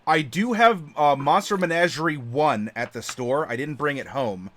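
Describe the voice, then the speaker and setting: A man's voice: on the high side, moderate pace, fairly bright tone, a little hiss or hum. A man hosting a casual live-stream chat, talkative and laughing often, with plenty of fillers. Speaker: channel host.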